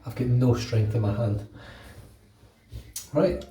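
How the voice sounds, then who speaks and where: A British man with a mid-range, dark-toned voice talks slowly while shaving his head in his bathroom, vlogging casually. He's chatty, rambling and swears freely, sounding a bit under the weather with a cold. The room is echoey and he's far from the mic.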